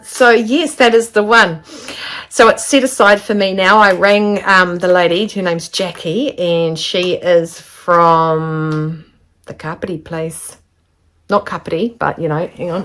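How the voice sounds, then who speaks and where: Woman, sewing vlogger, chatty and excitable, slightly low voice, home studio. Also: unhurried. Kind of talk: casual chat to camera.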